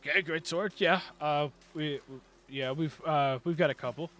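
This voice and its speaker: A stammering, eager village blacksmith, put on by a man running a tabletop game, who keeps tripping over his words. He speaks a little higher and louder than a plain talking voice. The voice stays rushed and keen to sell. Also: lightly acted. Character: flustered middle-aged male village blacksmith.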